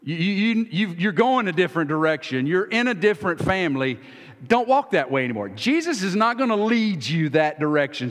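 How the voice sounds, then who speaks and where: A man's voice: high-pitched, a bit bright, long reverb tail. A man preaching a sermon as pastor in a church sanctuary, talking in a folksy, conversational way and acting out little exchanges. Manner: folksy, acts out little dialogues.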